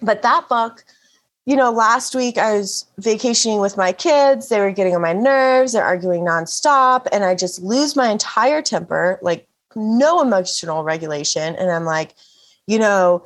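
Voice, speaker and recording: A woman's voice: mid-range voice, expressive, normal speed. Earnest woman guest. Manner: earnest, open and reflective. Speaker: podcast guest. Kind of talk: casual conversational interview.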